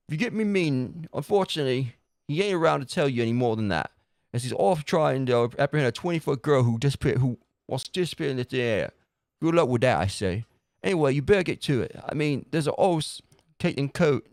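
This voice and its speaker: A talkative Wonderland townsman, put on by a man in an exaggerated British accent, pitched a little above an ordinary speaking voice. He hands out jobs in a folksy, fussy way and keeps correcting himself. The sound is close and dry. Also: expressive, brisk, darkish tone, no room sound. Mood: chatty. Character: chatty male Wonderland local giving orders.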